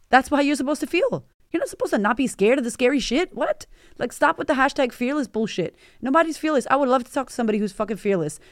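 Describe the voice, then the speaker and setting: A woman in her forties, a podcast host, delivers a motivational monologue in a blunt, emphatic way, swearing freely. Her voice sits at a middle pitch. It is recorded close in a dry room with no reverb. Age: 40s.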